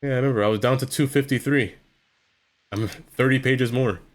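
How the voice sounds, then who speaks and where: A man's voice: medium pitch, steady tone, a little fast. A man streaming live, chatting casually to himself as he builds in a game, rambling and trailing off into fillers.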